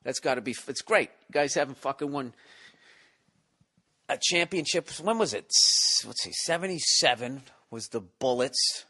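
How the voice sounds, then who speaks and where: This forties-aged podcast host goes on a loose, comic rant, swearing freely, rambling, restarting, and acting mock-exasperated. His mid-range voice is expressive and sharp-toned, moving at a moderate pace.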